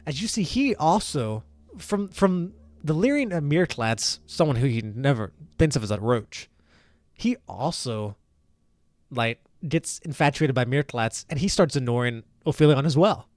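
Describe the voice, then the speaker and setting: A man's voice: medium pitch, expressive, measured pace, a little mellow, no echo. Casual male game master, dry sound. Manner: casual, rambling, many fillers. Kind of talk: narrating a tabletop game.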